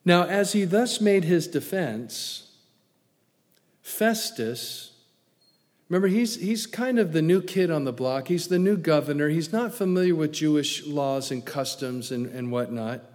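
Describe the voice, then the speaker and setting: A man preaching a sermon in a fairly high voice, telling the story with energy and acting out each quote. He swings from loud emphasis to hushed asides, and his voice trails off into the long reverb of a large church sanctuary. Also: lively intonation, a little slow. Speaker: pastor.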